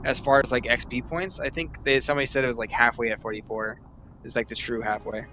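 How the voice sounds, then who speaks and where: A man's voice: medium pitch, little pitch movement, fast talker, noisy background. A man chatting casually with a friend during a stream, easygoing and slangy with casual swearing. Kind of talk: casual gaming chat.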